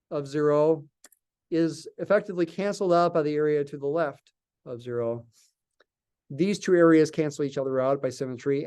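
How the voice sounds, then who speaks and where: A man's voice: a little high, dark tone. A man lecturing a calculus class in a slightly raised voice. He thinks aloud as he works, stops and restarts, and answers his own questions. It sounds like an unscripted classroom lecture. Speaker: math lecturer.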